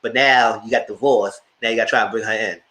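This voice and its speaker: A man hosting a live show, giving animated, opinionated commentary on reality TV and talking straight to his viewers. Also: on the low side, quick pace, a little hiss or hum. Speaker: host reviewing reality TV.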